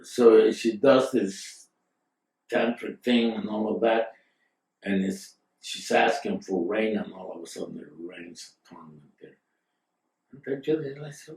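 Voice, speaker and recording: A guest storyteller spins a long, rambling tale full of digressions, fillers and side remarks. His fairly low voice has vocal fry and a slightly mellow quality, at a measured pace. The mic is distant, in a roomy space.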